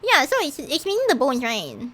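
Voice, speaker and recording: A woman's voice: sits high, moderate pace. A woman streamer giving casual, giggly commentary while playing a game, often stumbling and restarting her sentences. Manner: animated and giggly, with frequent stammered restarts.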